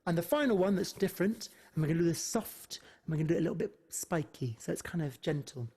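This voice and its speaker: A man leading an online choir lesson over a video call, talking in quick, playful asides between demonstrations. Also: fairly high pitch, expressive, warm tone, husky. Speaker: choir leader. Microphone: computer mic on a video call.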